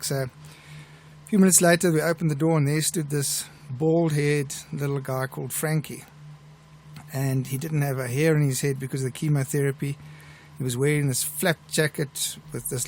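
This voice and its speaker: A middle-aged man with a South African accent, a pilot who hosts a live show and tells stories in a chatty, relaxed way. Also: fairly high pitch, slight background noise. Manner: chatty, relaxed storyteller with restarts. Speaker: airline pilot and show host. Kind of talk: live show chat and anecdote telling.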